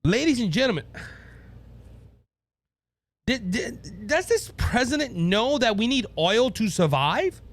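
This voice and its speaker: A man's voice: very high-pitched, sing-song, unhurried, pauses often. A man with a Cajun Louisiana accent hosting a political commentary podcast, talking emphatically, often restarting phrases and speaking straight to his listeners. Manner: addresses listeners directly. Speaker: podcast host.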